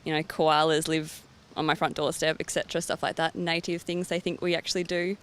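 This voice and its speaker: A speaker from Australia recounts travel pranks in a street interview. The delivery is flat and matter-of-fact, with a smooth voice and a middle pitch. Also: brisk.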